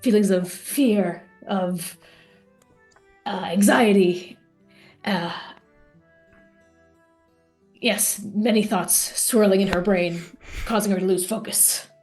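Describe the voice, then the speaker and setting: A woman's voice: medium pitch, slow, long pauses, darkish tone, soft background music. A woman player in a tabletop game, describing her character earnestly.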